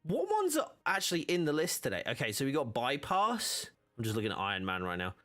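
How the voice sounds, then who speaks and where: A man's voice: mid-range voice, wildly swooping pitch, a little fast, a bit bright. A young man live-streaming a game, talking casually and rambling with many restarts.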